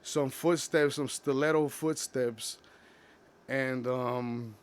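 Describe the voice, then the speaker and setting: Halting young man opening up. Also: mid-range voice, steady tone, slight background noise. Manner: halting, many restarts and fillers. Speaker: vlogger. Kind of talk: personal confessional monologue.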